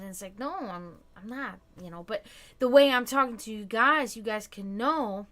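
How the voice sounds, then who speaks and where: Responding to chat comments on her relaxed livestream, this host talks in a chatty, meandering way full of fillers and false starts. Her voice is fairly high and a bit bright, at a moderate pace.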